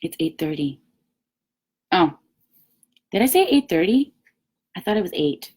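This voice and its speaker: A woman's voice: lowish voice, big pitch swings, unhurried, darkish tone, breathy edge. A woman giving a live-streamed sales coaching talk as team leader, emphatic and upbeat, acting out little quoted chats. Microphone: webcam or phone, live stream.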